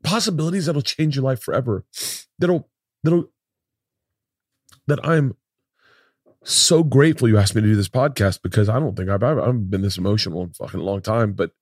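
A man's voice: medium pitch, a little fast, long pauses, breathy edge, no echo, clean studio sound. Tipsy emotional man swearing freely. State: tipsy from wine. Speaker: podcast guest. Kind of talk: casual emotional chat.

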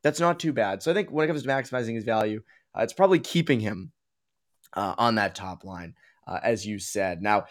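A man's voice: lowish voice, brisk. A man from the Boston area hosting a casual sports talk podcast, rambling with lots of fillers and restarts. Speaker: podcast host.

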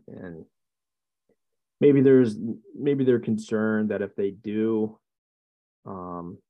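A man hosting a casual discussion, easygoing and agreeable, asking his guest questions. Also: low-pitched. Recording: dull lo-fi sound.

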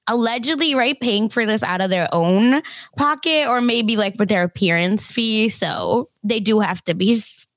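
A woman co-hosting a podcast, chatting casually in an animated, laughing way. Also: medium pitch, moderate pace, dry recording, studio quality. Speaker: podcast co-host. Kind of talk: casual recap chat.

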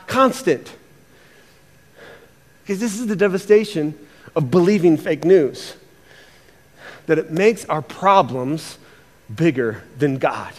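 A man preaching a sermon as pastor, animated, often repeating words and acting out quotes. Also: fairly high pitch, slow, long pauses, long reverb tail.

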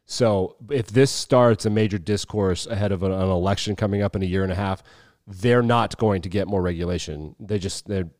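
A man in his thirties co-hosting a podcast, talking in a loose, animated way, swearing freely and mimicking people as he tells a story. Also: low-pitched, moderate pace, dry recording, clean studio sound. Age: 30s. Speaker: podcast co-host. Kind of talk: casual chat.

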